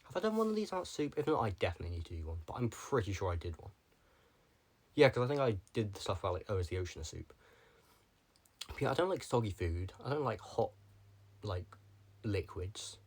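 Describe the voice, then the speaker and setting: A man's voice: lowish voice, sing-song, fairly quick, long pauses, slightly rough. A young man talking casually to the camera, rambling from one tangent to the next with lots of filler words. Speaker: vlogger.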